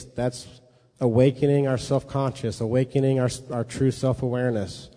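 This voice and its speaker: Long hall reverb surrounds a preacher as he teaches a sermon in a conversational style, frequently checking in with his audience. He speaks at normal speed in a warm, medium-pitched voice with fairly even intonation.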